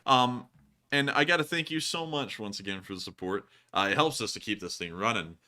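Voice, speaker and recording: A man's voice: medium pitch, brisk, pushed and bright. A man hosting a casual livestream, thanking donors in a rambling, chatty way and laughing often. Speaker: livestream host. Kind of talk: casual livestream chat reading donations.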